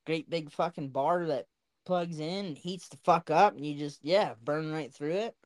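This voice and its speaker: A man's voice: on the high side, moderate pace, dry recording. A man hosting a casual chat, profane, laughing often. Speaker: podcast host.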